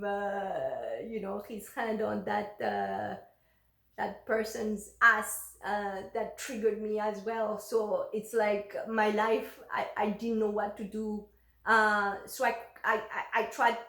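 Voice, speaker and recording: A woman's voice: mid-range voice, slow pace, fairly bright tone, echoey room. A woman telling a personal story candidly, often breaking off mid-sentence. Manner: candid and confessional. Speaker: vlogger.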